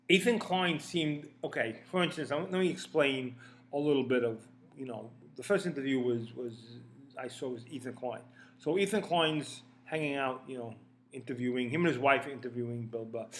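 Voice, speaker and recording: A man's voice: medium pitch, a bit bright. A man in his fifties giving casual spoken commentary, rambling through restarts and fillers in a blunt, profane way.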